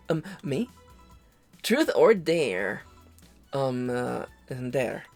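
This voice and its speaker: Animated let's-play host reading dialogue. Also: mid-range voice, extremely slow, long pauses, soft background music. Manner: animated, switching between character voices. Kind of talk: reading game dialogue aloud in character.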